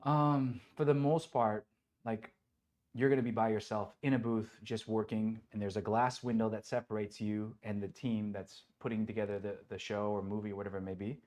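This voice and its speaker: A man who voices a superhero, chatting as an interview guest in an office, telling lively stories, acting out what people said and laughing often. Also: on the low side, fairly quick. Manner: animated storyteller who acts out quotes and laughs often. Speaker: voice actor guest. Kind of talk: casual interview chat. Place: indoors at a toy company office.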